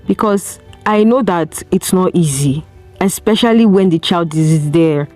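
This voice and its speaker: A woman's voice: on the low side, a little slow, darkish tone, soft background music. A woman with a Nigerian accent hosting an advice podcast, speaking earnestly and piling up rhetorical questions. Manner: earnest, preachy, asks strings of rhetorical questions. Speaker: podcast host. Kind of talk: solo advice talk.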